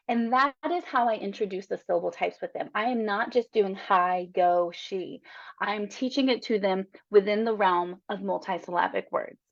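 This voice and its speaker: A woman's voice: medium pitch, gravelly. A woman in her thirties presenting a reading-instruction webinar in a chatty, encouraging way. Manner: chatty and encouraging, tags statements with "right?". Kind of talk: casual webinar teaching. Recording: slightly dull lo-fi webinar audio.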